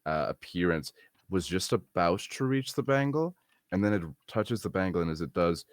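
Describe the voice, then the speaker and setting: A man with a very deep voice runs a tabletop game, describing scenes in a relaxed way with a slight lisp. He sounds close to the microphone in a dry, dead space. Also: normal speed, no room sound. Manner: relaxed, descriptive narration with fillers. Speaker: game master.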